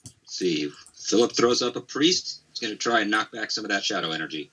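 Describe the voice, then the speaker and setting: A man's voice: fairly low pitch, animated, a little fast, bright, forceful tone, breathy edge, poor audio. A man casually commentating a card game tournament, chatty and rambling, with jokes along the way. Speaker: esports commentator.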